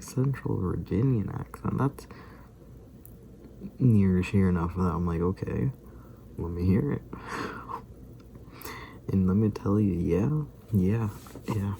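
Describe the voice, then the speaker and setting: A man's voice: fairly low pitch, vocal fry, mellow, a little hiss or hum. A man in his twenties chatting casually in a rambling vlog, chuckling often as he retells things. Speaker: vlogger.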